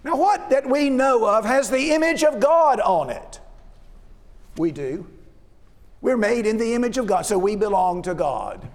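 A man's voice: high voice, lively intonation, unhurried. A man preaching a sermon, often restarting and repeating words and asking rhetorical questions. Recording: long reverb of a large hall.

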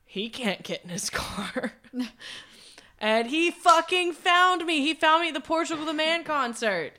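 A woman's voice: high voice, expressive, unhurried, pushed and bright. A young woman, a podcast co-host, telling a story in casual chat, acting out quotes and swearing freely.

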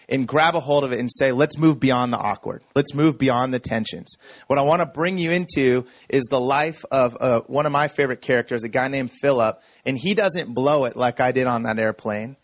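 A man in his thirties giving an energetic, story-driven sermon talk to a room full of people. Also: mid-range voice, no echo. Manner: energetic storytelling, self-described talker. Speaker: speaker. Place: room with audience.

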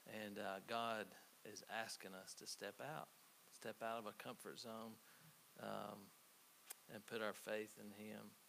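A man preaching a conversational sermon, telling stories with halting restarts. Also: lowish voice, level tone, creaky, bright, forceful tone. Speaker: pastor. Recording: faint hiss.

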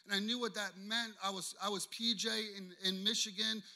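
A man's voice: high-pitched, fairly even intonation, a little fast, sharp tone. A man in his thirties, a pastor, telling a personal story in a sermon in a casual, conversational way, often asking "okay?". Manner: conversational, frequent "okay?" and "you know what I mean?".

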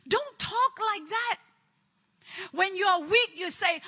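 A woman preaching with a high, bright voice. She is fervent and works in repeated phrases, pressing her congregation to answer back. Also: expressive, unhurried. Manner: fervent, repetitive call-and-response preaching. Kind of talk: charismatic sermon.

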